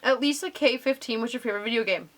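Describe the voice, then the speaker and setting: A woman's voice: fairly high pitch, fast talker. A young woman casually answering viewer questions in a vlog, bubbly and gushing with lots of ums.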